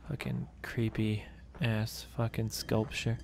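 A man's voice: medium pitch, expressive, measured pace, pauses often, a bit bright. A man playing a horror game and commenting as he goes, talking to himself, cursing often and easily startled. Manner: jumpy, swears a lot, talks to himself. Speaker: gaming channel host.

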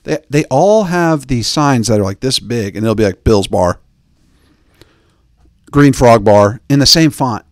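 Animated, rambling male podcast host. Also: medium pitch, unhurried, no echo, studio quality. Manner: rambling, joking, filler-heavy. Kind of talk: casual chat.

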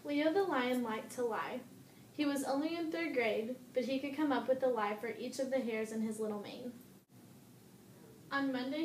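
A woman reads a children's picture story aloud, her voice a little high and steady. The room is echoey, with faint hiss underneath. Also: recorded from a distance.

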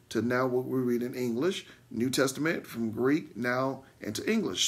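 A man, a pastor, teaching a Bible lesson with emphatic repeats and frequent "okay?" check-ins to his listeners. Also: breathy edge. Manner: animated, swings between loud bursts and low asides.

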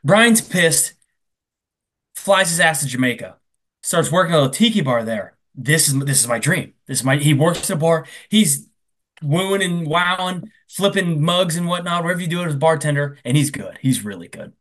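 Animated man recapping a movie. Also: fairly high pitch. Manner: animated storyteller, quick asides, acting out characters' lines in quotes. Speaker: podcast co-host. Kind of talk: casual comedic movie recap.

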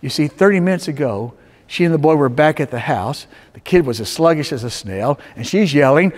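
A male pastor preaching in a church sanctuary, his lively, fairly high voice carrying a long reverb off the walls. He tells his stories with sharp swings, rising to loud urgent pleas and then dropping to near-whispers. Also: a little fast. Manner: storytelling with dramatic swings between loud urging and hushed tones. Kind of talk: sermon.

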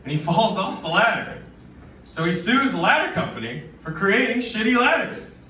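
A man's voice: high voice, big pitch swings, normal speed, bright, forceful tone. Rambling man doing stand-up, roomy far sound. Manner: rambling, absurd, stammering delivery. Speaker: stand-up comedian. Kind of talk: stand-up comedy set. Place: live comedy event venue. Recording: roomy, from far off, faint noise.

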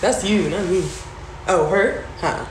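A woman's voice: on the low side, takes it slowly. A woman on a phone livestream, casually telling a story, acting out the voices of the people in it and swearing freely. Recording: roomy with background noise.

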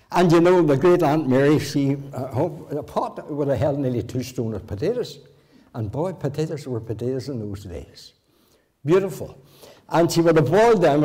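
A man's voice: on the high side, dark tone. Elderly Northern Irish preacher in his eighties. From Northern Ireland. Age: 80s. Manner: homely anecdotes with occasional restarts. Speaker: guest preacher. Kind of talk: folksy storytelling sermon. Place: church.

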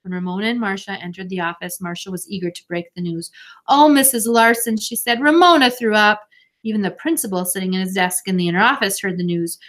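Expressive woman reading a children's novel aloud, gentle delivery, mid-range voice. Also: mid-range voice. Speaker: audiobook narrator.

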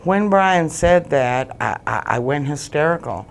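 A woman with a deep, gravelly voice tells her story in a faltering way. She often repeats her phrases as she relives each moment, and she speaks as a guest giving emotional testimony. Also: expressive, unhurried, slight background noise. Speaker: guest, bereaved mother.

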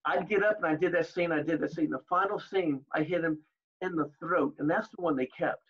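Husky older man telling lively stories. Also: on the high side, brisk, muffled recording. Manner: animated anecdotes, acting out quoted exchanges. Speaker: interview guest. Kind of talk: storytelling in an interview.

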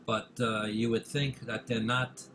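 A man's voice: fairly low pitch, unhurried, slight background noise. Older man spinning a rambling anecdote. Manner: rambling, many fillers, acts out dialogue with rising excitement. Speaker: music manager guest. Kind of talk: anecdotal storytelling in an interview. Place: office in Manhattan.

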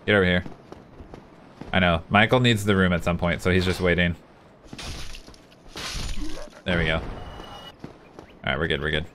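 A gaming streamer, a man with a deep, steady, fairly bright voice, talks a little fast as he commentates his own gameplay live. He vents his frustration, talking to himself and his chat as he plays. Music runs behind him, with slight background noise.

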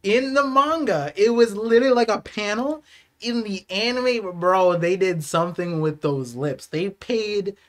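Young man, live stream reaction, excitable, unhurried, slightly high voice. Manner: excitable, laughing, swings to subdued reflection. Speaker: streamer reacting to a manga chapter.

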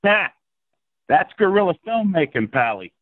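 A man being interviewed over the phone about his low-budget film, telling stories in an animated, excitable, profane way. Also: unhurried, dry recording. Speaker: filmmaker guest. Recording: tinny dry phone line.

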